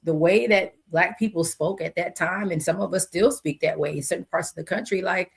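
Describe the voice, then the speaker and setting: American woman host just chatting on her podcast, kinda low voice, lots of ums. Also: normal speed, creaky, few pauses, husky. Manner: chatty and conversational, with many fillers and asides. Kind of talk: casual solo podcast talk.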